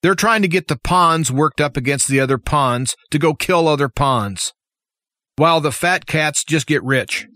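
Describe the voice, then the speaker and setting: This US talk show host's political commentary is impassioned and opinionated, full of rhetorical questions. He speaks at normal speed in a high, pushed, bright voice, and the recording is dry and cleanly studio-made.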